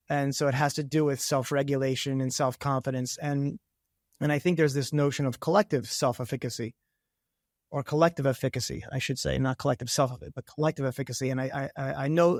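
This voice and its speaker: A male podcast co-host talks through long, winding questions with warm enthusiasm, often restarting his phrases. His voice has a middle pitch. The sound is close and dry, with no room around it. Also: no room sound. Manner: enthusiastic, rambling, many restarts. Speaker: podcast co-host, science officer. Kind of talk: conversational interview.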